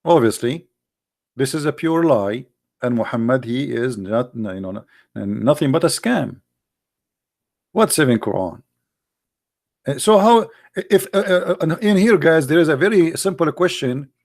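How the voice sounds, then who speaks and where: High-voiced sarcastic man. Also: lively intonation, measured pace, gravelly, long pauses, darkish tone. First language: Arabic. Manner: sarcastic, emphatic rhetorical questions. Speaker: religious critic. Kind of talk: polemical monologue.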